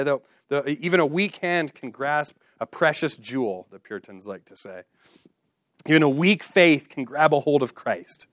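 A man's voice: medium pitch, no room sound, studio quality. A man preaching a sermon with passion, repeating phrases and building to exhortations. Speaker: pastor.

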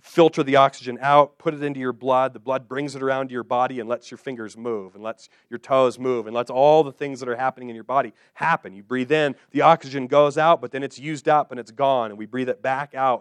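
A man's voice: medium pitch, steady tone, clean tone, dry recording. Man preaching an emphatic sermon. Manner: emphatic, repeats key phrases slowly; addresses listeners directly with questions. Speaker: pastor. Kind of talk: expository sermon.

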